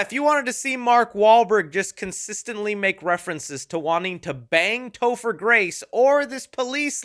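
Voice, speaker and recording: Man reviewing a movie, sarcastic and jokey, high bright voice. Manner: sarcastic, jokey, fond of quick impressions. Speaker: film reviewer.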